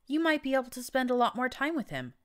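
A woman voicing a manipulative female pony leader with a smooth, purring way of talking, in an audiobook reading. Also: high voice, very animated, fast, voice pushed up. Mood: smooth, scheming.

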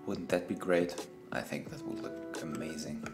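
A man's voice: sits low, steady tone, moderate pace, loud music behind the voice. A man, a gaming streamer chatting playfully through live gameplay, laughing often and talking to the animals in the game.

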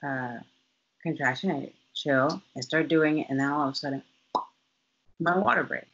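A woman guest telling a personal story in a casual, animated way, acting out what people said. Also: deep voice, normal speed, slightly rough. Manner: animated, lively, acts out quotes in other voices. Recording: dull lo-fi sound.

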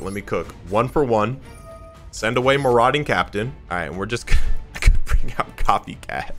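A young man giving chatty, excitable, jokey commentary as he plays a card game. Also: on the low side. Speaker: YouTuber playing a card game. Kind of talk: live gameplay commentary. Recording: faint music behind.

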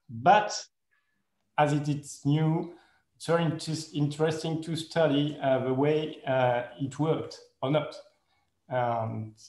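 Slow, hesitant man with a French accent. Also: a little high, a little mellow, echoey room, rough recording. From France. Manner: hesitant, many fillers, laughs at himself. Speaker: guest speaker, lawyer and professor. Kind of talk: conference presentation. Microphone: video call.

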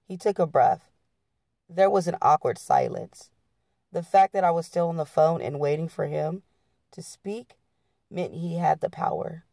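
A woman's voice: sits low, measured pace, gravelly, warm tone, no room sound, studio quality. A woman reading a memoir aloud in a plain-spoken, blunt way.

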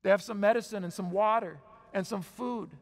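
A man preaching at a conference, telling a dramatic story and dropping to a hush at key moments. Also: high-pitched, fairly even intonation, fairly quick. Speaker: conference speaker. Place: large auditorium. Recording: long hall reverb.

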